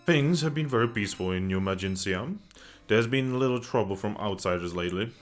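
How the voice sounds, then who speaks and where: A man's voice: on the low side, expressive, a little fast, faint music behind, lightly acted. A man voicing a proud, contented male shipwright who talks in old-fashioned formal phrases. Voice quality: archaic formal speech.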